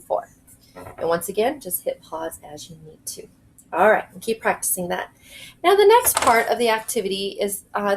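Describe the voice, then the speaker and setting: Woman, music teacher, kitchen, slow clear directions for kids, mid pitch, light background noise. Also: darkish tone, rough recording. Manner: slow, clear, encouraging instructions to young kids. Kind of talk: home video music lesson for children. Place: home kitchen.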